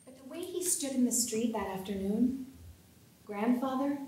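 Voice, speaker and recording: Actress playing a young woman storyteller, mimics neighbors, lively pitch, roomy theater sound. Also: normal speed, lightly acted. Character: young woman telling her family's story. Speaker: actor in a staged play reading. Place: theater stage. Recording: roomy hall sound, mic far off.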